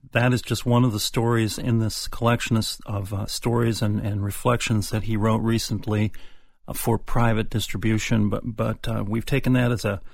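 A man's voice: mid-range voice, creaky, dry recording. A man hosting a public radio interview in a studio, talking conversationally with frequent fillers. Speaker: radio host. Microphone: studio mic.

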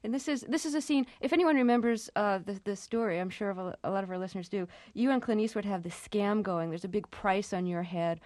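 A woman's voice: medium pitch, fast talker, hardly any pauses, darkish tone, dry recording. Radio interviewer, woman, curious, explains at length; dry studio sound.

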